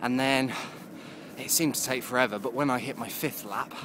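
A man's voice: mid-range voice, steady tone, moderate pace, background noise. A man, rambling casually in a video diary and often laughing. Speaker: vlogger.

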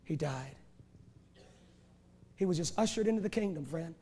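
High-voiced impassioned revival preacher. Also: male voice, animated, normal speed, mellow, husky. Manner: impassioned, hammering rhetorical questions and repeated phrases. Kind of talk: revival sermon. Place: large church sanctuary. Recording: echoey church hall from a VHS tape.

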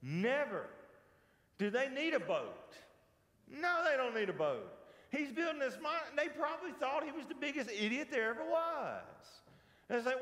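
A man's voice: extremely high pitch, big pitch swings, normal speed, a bit bright. Man, Southern US accent, Bible teacher, folksy and joking, asks the class questions, echoey church hall. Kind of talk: casual church Bible lesson.

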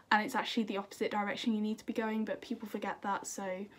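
A woman's voice: mid-range voice, flat delivery, quick pace, hardly any pauses. A young woman chatting to camera in a bubbly, self-deprecating way, answering viewer questions. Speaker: singer and YouTuber. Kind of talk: casual chat to camera.

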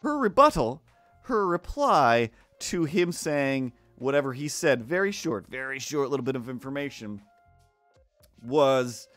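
A man's voice: medium pitch, sing-song, normal speed, a bit bright, no room sound. A man tells a long, sarcastic story while drawing on a stream and slips into the voices of the people he quotes. The sound is dry and close, with faint music playing underneath. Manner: rambling, sarcastic, acts out quoted neighbors. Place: home art stream setup.

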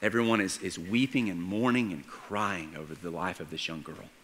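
A male pastor preaching a storytelling sermon, moving between hushed narration and excited emphasis. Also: low voice, moderate pace, a little hiss or hum. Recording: church hall reverb.

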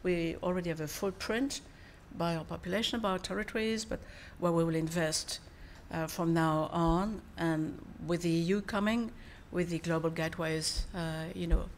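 This French-accented foreign minister, a native French speaker, addresses a formal occasion and answers questions in a measured way, pausing often and using fillers. Her pitch is on the low side and her intonation stays fairly even, with slight background noise.

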